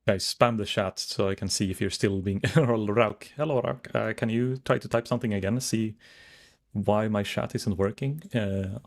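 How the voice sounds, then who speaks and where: A man's voice: fairly low pitch, normal speed. A man chatting casually to his viewers while streaming a game, rambling as he browses and reads chat.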